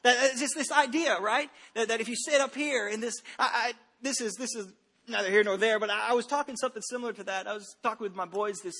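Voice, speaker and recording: High, bright-voiced pastor telling stories. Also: male voice, quick pace, slightly rough. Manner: conversational, humorous storytelling with frequent restarts. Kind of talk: sermon. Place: church stage.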